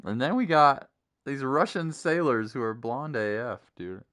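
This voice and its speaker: Laid-back gamer guy, slow drawl. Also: medium pitch, lively intonation, fairly bright tone, dry recording, studio quality. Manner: laid-back, joking asides to viewers. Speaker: gamer streaming a first play. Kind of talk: casual let's-play commentary.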